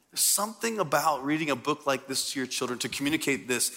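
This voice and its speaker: A man preaching a sermon to a congregation in a church, animated and conversational. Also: medium pitch, fast, hardly any pauses. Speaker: pastor. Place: church sanctuary before a congregation.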